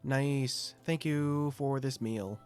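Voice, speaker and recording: A man's voice: medium pitch, takes it slowly, a little mellow, faint music behind. A young adult man giving casual gameplay commentary, thinking aloud with self-mocking asides. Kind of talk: casual let's-play commentary.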